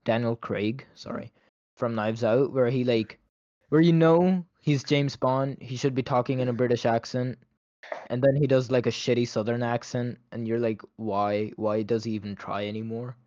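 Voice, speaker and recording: A man's voice: medium pitch, normal speed, dark tone, no echo, lo-fi sound. A man in a casual movie review chat, opinionated and chatty, with a lot of "like" between his words. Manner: opinionated, chatty, many "like" fillers.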